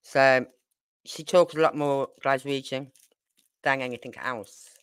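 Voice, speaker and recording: A woman's voice: very deep voice, steady tone, a little slow, clean tone, no room sound. Older brummie lady rambling on a livestream, dry close sound, gets fed up easy. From Birmingham, England. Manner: chatty and rambling, with exasperated asides. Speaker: true crime livestream host. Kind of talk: casual chat.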